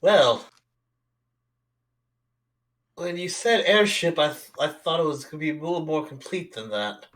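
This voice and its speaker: A man's voice: a little high, animated, brisk, fairly bright tone. A man playing a tabletop game, joking in mock disappointment. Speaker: player. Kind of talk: casual play at a tabletop game.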